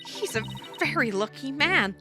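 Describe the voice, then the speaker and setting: A woman's voice: sits high, lively intonation, a little slow, music in the background. A woman chatting with amusement in casual conversation while playing a game. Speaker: let's play co-host. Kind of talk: casual gameplay chat.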